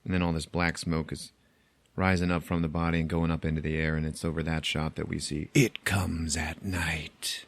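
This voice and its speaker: A man's voice: rumbling low, level tone, moderate pace, creaky, dry recording. A man hosting a podcast, recapping a film plot in casual chat, chatty and profane, laughing at his own jokes, on a close microphone.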